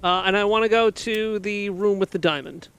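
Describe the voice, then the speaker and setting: A man's voice: sits high, normal speed, fairly bright tone, smooth, no room sound. A man playing a tabletop game, thinking aloud hesitantly as he asks questions. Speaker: player. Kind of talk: casual play at a tabletop game.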